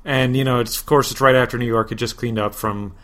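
A man hosting a podcast, reading a parody superhero story in a deadpan way, flatly spelling out web addresses and asides. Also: medium pitch, fast. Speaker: podcast host.

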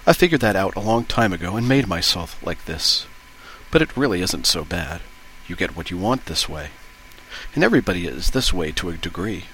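A man reading book passages aloud in a steady, even way. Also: deep voice, brisk, a little hiss or hum, low-quality recording. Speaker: reader of book excerpts.

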